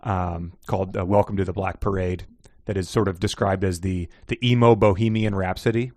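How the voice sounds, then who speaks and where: A man's voice: low voice, fairly even intonation, a little fast, a little mellow, no room sound, studio quality. A man co-hosting a casual book podcast, rambling and laughing often as he talks. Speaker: podcast co-host. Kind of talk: casual book-club chat.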